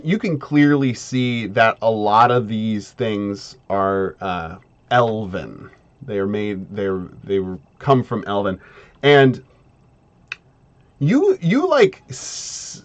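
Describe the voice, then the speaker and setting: Slow, halting man running a tabletop game. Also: mid-range voice, lo-fi sound. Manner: halting, full of fillers and restarts. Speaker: game master.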